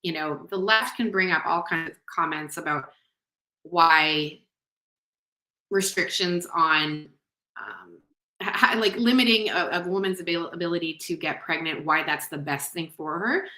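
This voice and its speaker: Chatty woman podcast host, low-ish bright voice, roomy echo. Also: a little slow. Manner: chatty, heavy use of "like" and "you know". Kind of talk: casual chat.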